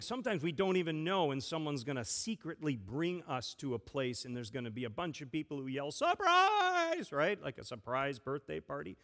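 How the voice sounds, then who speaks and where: A man leads a children's sermon as the pastor, playful and gentle, asking a child question after question. His voice sits at an ordinary middle pitch. It carries a long reverb that rings through the church sanctuary.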